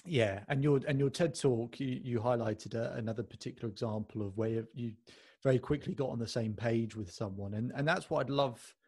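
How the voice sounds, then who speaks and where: A man's voice: medium pitch, brisk, dark tone, breathy edge, no room sound. A man hosting a podcast interview, asking long, enthusiastic, rambling questions with many restarts. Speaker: podcast host.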